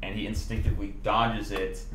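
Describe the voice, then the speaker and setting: A man's voice: fairly low pitch, level tone, brisk, fairly bright tone. A man playing in a tabletop game, casually describing his character's actions. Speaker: player. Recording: echoey room, faint noise.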